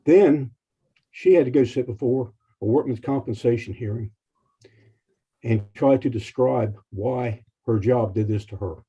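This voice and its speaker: A man's voice: mid-range voice, normal speed, warm tone, breathy edge. A man giving emotional, earnest testimony at a legislative hearing as a committee chairman. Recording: dull lo-fi hearing stream.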